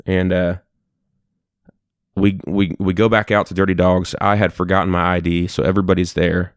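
A young man in his twenties casually telling a profane, animated story on a podcast. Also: sits low, normal speed, no room sound, clean studio sound.

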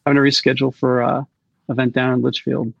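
A middle-aged man, an author guest, chatting casually and telling stories with quick asides and frequent laughter. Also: medium pitch, flat delivery, vocal fry, husky, no echo. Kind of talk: casual interview chat. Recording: dull lo-fi call audio.

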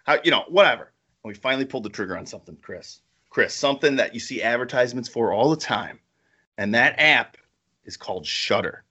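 A man co-hosting a podcast in casual chat, excitable and rambling, laughing often. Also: mid-range voice, fairly quick, husky, muffled recording. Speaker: podcast co-host.

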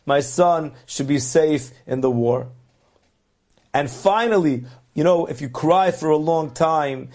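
A man's voice: a little high, darkish tone. A man telling religious stories earnestly, stretching words for emphasis. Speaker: religious storyteller. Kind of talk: religious storytelling.

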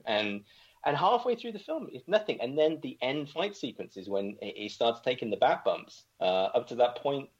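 A man's voice: medium pitch, big pitch swings, moderate pace, husky. A man co-hosting a casual movie podcast, rambling and joking with lots of restarts. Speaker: podcast co-host. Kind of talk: casual movie-review chat. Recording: dull lo-fi sound.

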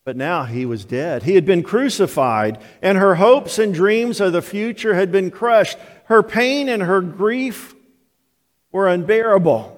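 An older man preaching a sermon as pastor, telling the story slowly and deliberately. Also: sits high, lively intonation. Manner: slow, deliberate storytelling delivery. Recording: long hall reverb of a church.

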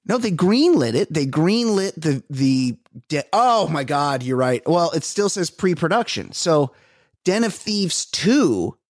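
A man's voice: fairly high pitch, big pitch swings, a little slow, dry recording, studio quality. A man co-hosting a comedy podcast in casual chat, rambling and trailing off as he hunts for names. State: recovering from a finger injury. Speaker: podcast co-host.

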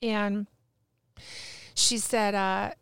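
Animated woman telling a story. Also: medium pitch, drawn-out words, vocal fry, smooth, no echo. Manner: animated, acts out quoted dialogue. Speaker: guest medium. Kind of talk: casual storytelling podcast chat.

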